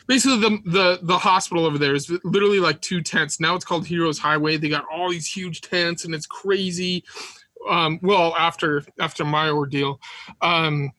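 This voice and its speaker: A man telling war stories as a podcast guest, animated, laughing often and acting out quotes. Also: a little high, normal speed, dry recording. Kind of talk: casual storytelling.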